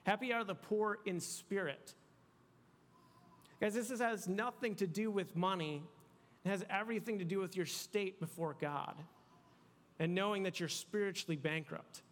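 A man's voice: high-pitched, moderate pace, long pauses, fairly bright tone. A man preaching a sermon to a young crowd in a casual, conversational way, often restarting his words. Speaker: youth pastor. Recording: long hall reverb.

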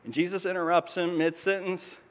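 A man's voice: high voice, flat delivery, fairly quick. A man pastor preaching a sermon in a conversational, explanatory way, with joking asides. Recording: long reverb of a large hall.

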